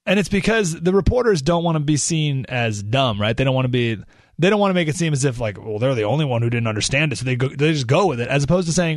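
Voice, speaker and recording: Animated, sarcastic talk radio host. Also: male voice, mid-range voice, quick pace, dry recording, studio quality. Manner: animated, sarcastic, rhetorical questions.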